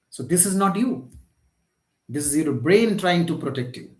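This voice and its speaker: A man's voice: fairly high pitch, lively intonation, normal speed, roomy sound, poor audio. A man, a life coach giving a motivational live talk, lecturing emphatically and asking rhetorical questions.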